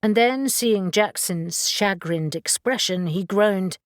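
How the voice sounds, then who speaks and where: A woman with a mid-range voice narrates an audiobook in a steady, measured manner. The recording is dry, with clean studio sound.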